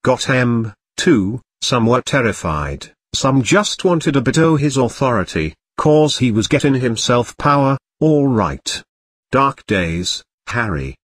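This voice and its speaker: A man voicing an excitable gruff giant groundskeeper with a broad rural dialect, reading a story. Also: mid-range voice, slow, dry recording, exaggerated voice. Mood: grave.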